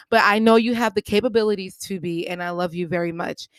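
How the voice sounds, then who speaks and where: A woman's voice: lowish voice, fairly even intonation, a little fast, hardly any pauses, dry recording. A woman hosting her own podcast, speaking in an earnest, encouraging way and repeating her points for emphasis, with the odd playful aside. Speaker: podcast host. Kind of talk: solo podcast monologue.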